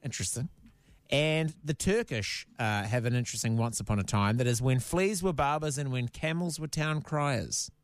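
A man's voice: mid-range voice, normal speed, no room sound. A man co-hosting a casual podcast, presenting a fun fact segment in a playful, chatty way. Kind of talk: casual chat.

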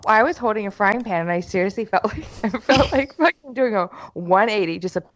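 A woman's voice: mid-range voice, a little fast, dull audio. A woman co-hosting a podcast who tells stories expressively, swears, and acts out what people said. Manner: expressive, swearing, acting out quotes. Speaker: podcast co-host. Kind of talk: casual chat.

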